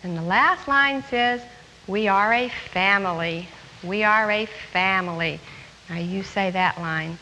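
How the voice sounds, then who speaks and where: A woman teaching young children French words and a song, speaking slowly and clearly and repeating each phrase. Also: mid-range voice, sharp tone, a little hiss or hum. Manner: slow, clearly enunciated, patient, repeats words; sings song lines. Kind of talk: children's language lesson. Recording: long hall reverb with faint music.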